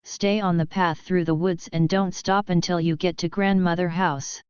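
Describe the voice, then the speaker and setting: A woman's voice: lowish voice, fairly even intonation, normal speed, clear, resonant tone, no room sound, clean studio sound, natural voice. A woman reading a cautious storybook mother. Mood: cautioning.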